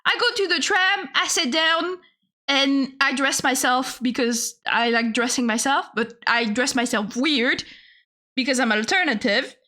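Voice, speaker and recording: A woman's voice: high voice, unhurried, pushed and bright. A young adult woman streamer telling stories in a casual, profane, exasperated rant, laughing often.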